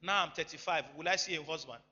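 A man preaching a sermon, emphatic, swinging between loud bursts and quiet asides. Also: a little high, fast. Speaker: pastor. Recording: echoey hall, dull lo-fi sound, faint music.

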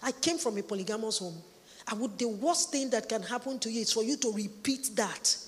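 A woman's voice: fairly high pitch, brisk. A woman preaching a sermon, emphatic, repeating her points for stress. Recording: echoey hall, long reverb.

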